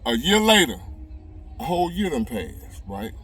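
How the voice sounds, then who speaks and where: A middle-aged man with a drawl, chatting straight to his viewers. He tells the story in a loose, folksy way, at a middle pitch, from inside a car. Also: very animated, moderate pace, a bit bright, slightly rough. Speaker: relationship advice video host. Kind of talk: casual storytelling monologue.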